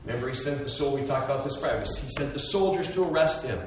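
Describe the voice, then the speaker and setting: A man preaching a sermon in an animated storytelling way, swinging between loud and hushed, recorded from a distance in a large hall. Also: mid-range voice, fast, slight background noise. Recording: echoey hall, distant mic.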